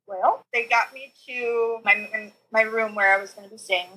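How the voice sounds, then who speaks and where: A young woman, appearing as a podcast guest, shares her personal birth story at a moderate pace, her fairly high voice sharp and fairly even. It comes through a low-quality recording, full of "like," "you know," and nervous little laughs as she rambles.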